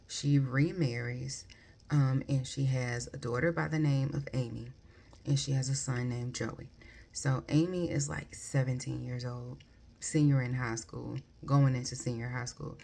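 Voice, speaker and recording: A woman's voice: rumbling low, vocal fry, darkish tone. A woman giving a casual, rambling book review full of ums and likes. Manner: rambling, many ums and likes, self-correcting.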